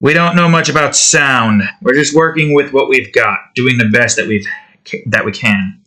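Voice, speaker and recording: Bright-voiced man thinking aloud. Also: medium pitch, moderate pace. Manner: rambling, self-interrupting, chuckling to himself. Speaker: game developer vlogger. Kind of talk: casual thinking-aloud commentary while editing sounds.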